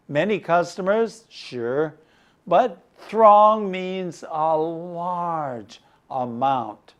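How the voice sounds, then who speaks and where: Very slow, deliberate male English teacher. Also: a little high. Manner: reads a story line by line, then explains each word with examples and a Chinese gloss; clears his throat often. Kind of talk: slow explanatory lesson for Chinese-speaking learners.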